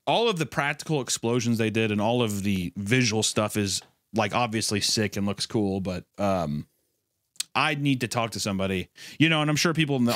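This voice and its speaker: A man co-hosting a podcast in casual chat, telling a story in a rambling, animated way. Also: on the low side, dry recording, studio quality. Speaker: podcast co-host.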